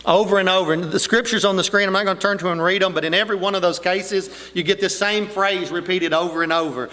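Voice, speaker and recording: An older male preacher with a high, ringing voice delivers an emphatic sermon, his voice swelling as he drives his points home. His words carry a long reverb from the church hall around him. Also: quick pace, few pauses, sharp tone. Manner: emphatic preaching, rising and intensifying on key points. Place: church sanctuary.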